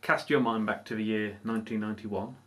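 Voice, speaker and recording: A man's voice: fairly low pitch, brisk. A man comically retelling a story to a friend in a playful, laughing way. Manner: playful, lively, breaks into laughter. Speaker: comedy video host.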